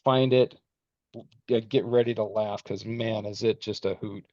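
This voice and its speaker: A man co-hosting a podcast, eager and halting as he gushes about a cartoon. His audio is dull and lo-fi, with no room sound at all. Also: on the low side, steady tone, dark tone, no room sound. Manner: enthusiastic, halting starts. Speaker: podcast co-host. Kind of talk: casual chat.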